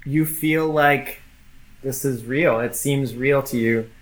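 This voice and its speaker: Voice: mid-range voice, slow pace, rough recording. A game master narrating a tabletop game, with a hesitant delivery full of fillers and restarts.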